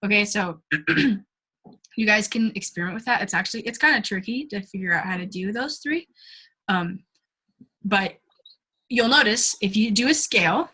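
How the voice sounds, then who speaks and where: A woman's voice: mid-range voice, normal speed, pauses often, sharp tone, breathy edge. A young woman casually leading a singing class, chatty and giggly, with lots of ums and likes and short sung demonstrations. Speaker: singing workshop leader.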